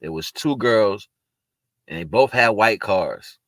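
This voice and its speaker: Deep-voiced man musing earnestly. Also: lively intonation, takes it slowly, fairly bright tone, no echo. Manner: rambling, earnest, spiritual, with frequent restarts. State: tearful at moments. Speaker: vlogger sharing personal reflections. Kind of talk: casual spoken monologue.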